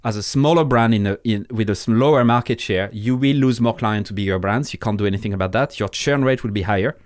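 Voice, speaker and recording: A man's voice: fairly low pitch, quick pace, darkish tone, dry recording. A man with a French accent, a podcast guest in casual interview talk, blunt and swearing freely, often restarting his sentences. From France.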